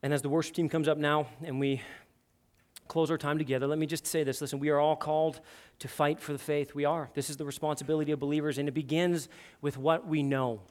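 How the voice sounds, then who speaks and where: A man in his thirties preaching to his congregation, his voice sitting a little high. He speaks earnestly, weaving family stories into the message and often breaking in with "listen.". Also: fast talker. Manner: earnest preaching with lively storytelling and repeated "listen". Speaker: pastor. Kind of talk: sermon. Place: church sanctuary.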